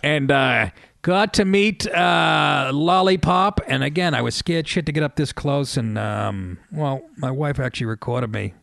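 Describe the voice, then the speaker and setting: A man's voice: mid-range voice, vocal fry, fairly bright tone, no room sound, clean studio sound. Profane, self-mocking middle-aged man host. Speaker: radio show host. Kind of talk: casual comedic monologue.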